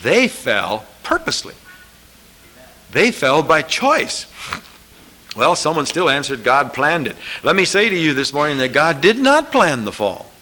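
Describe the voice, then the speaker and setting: A man preaches with emphatic repetition, rising to loud scripture quotes and sinking to quiet asides. His voice sits a bit high, swings widely in pitch and has a bright, sharp edge. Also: wildly swooping pitch, measured pace, poor audio. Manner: emphatic, repeating lines, rising to shouted scripture. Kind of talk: sermon.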